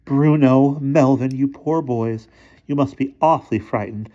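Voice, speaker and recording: A man's voice: mid-range voice, a little slow, dark tone, dull audio, pitched above the performer's own voice, close to an everyday voice. A man reading aloud, voicing a kindly, fussing, motherly older woman with a raised voice.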